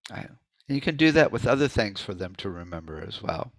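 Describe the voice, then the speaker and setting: A man's voice: lowish voice, big pitch swings, a little fast, fairly bright tone, no echo. A man giving an informal presentation, talking loosely with many asides and demonstrating hums and rhythm syllables aloud. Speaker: presenter at a sound healing meeting.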